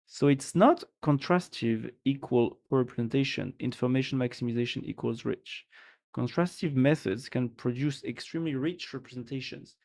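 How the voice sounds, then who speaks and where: A man hosting a live stream, reading out dense technical notes at an ordinary middle pitch. He muses as he goes, restarting phrases and trailing off with offhand asides. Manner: thinks aloud, restarts, trails off with "or whatever". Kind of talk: casual live-stream commentary, reading aloud.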